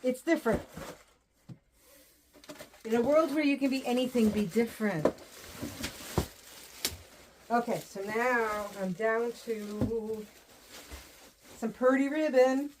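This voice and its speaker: A woman's voice: a little high, takes it slowly, long pauses, background noise. A woman from Southern New Hampshire, chatting casually as she unboxes wreath ribbon, rambling and repeating her phrases. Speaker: wreath designer and vlogger.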